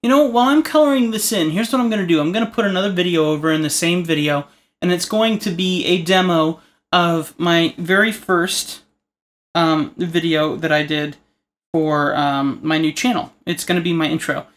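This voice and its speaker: A man with a slightly high, fairly bright voice speaks at a normal pace as he hosts an art tutorial. He keeps the narration loose while drawing, joking around and rambling off on side comments.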